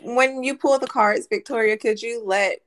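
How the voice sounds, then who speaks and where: A woman's voice: on the high side, moderate pace. A woman hosting a casual podcast, asking curious questions of her guest.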